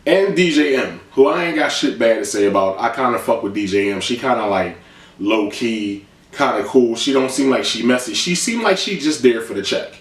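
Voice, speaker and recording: A man's voice: medium pitch, lively intonation, normal speed. A man giving a blunt, sarcastic, profane comedic recap of a TV episode. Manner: loose, blunt and sarcastic, swears freely. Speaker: TV recap vlogger. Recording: roomy room, distant mic.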